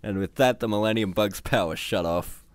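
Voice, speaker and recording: A man casually reading a parody novel aloud on a livestream from home. His voice is fairly low, and he trips over words and corrects himself. The sound is close and dry, with no room echo. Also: moderate pace, clean tone. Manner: stumbles and corrects himself, laughs at the text. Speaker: amateur reader.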